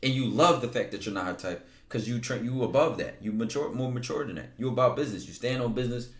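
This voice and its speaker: A man hosting a stream and reading viewers' messages aloud in a loose, blunt, slangy way, often breaking into loud disbelief. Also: mid-range voice, lively intonation, quick pace. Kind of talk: casual commentary reading DMs. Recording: echoey room.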